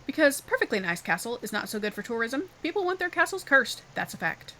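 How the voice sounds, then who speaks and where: A woman's voice: a little high, sing-song, fast, bright, forceful tone, a little hiss or hum, voice pushed up, heavily acted, low-quality recording. A woman reading the lines of a blunt, stubborn old male boatman in a game. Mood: gruff.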